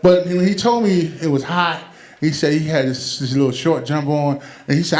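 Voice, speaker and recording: A stand-up comic rambles through his set and keeps breaking into laughter at his own material. His voice sits a little above the usual pitch for a man. The live room gives everything a roomy echo. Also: moderate pace, darkish tone. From Brooklyn, New York. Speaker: stand-up comedian. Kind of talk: stand-up comedy routine. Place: comedy event venue.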